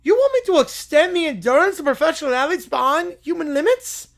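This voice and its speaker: A man's voice: extremely high pitch, lively intonation, fairly quick, gravelly, pitched above the performer's own voice, exaggerated voice. A man voicing a scheming middle-aged male cartoon mad scientist who talks in a whiny, complaining way.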